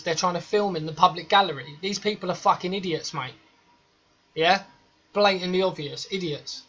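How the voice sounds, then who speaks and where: A man's voice: high-pitched, moderate pace, fairly bright tone. A man reacting to a video clip, talking in a sweary, slangy, emphatic way. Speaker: reaction vlogger. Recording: dull lo-fi recording.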